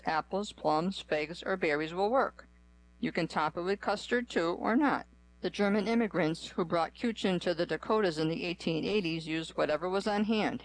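A reader on a radio reading service, working through a magazine article aloud in an even, measured way with pauses between items. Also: mid-range voice, rough recording.

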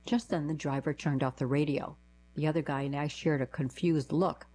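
A woman reading short newspaper diary columns aloud for a radio reading service, in a plain, even manner. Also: low voice, moderate pace, slight background noise, poor audio.

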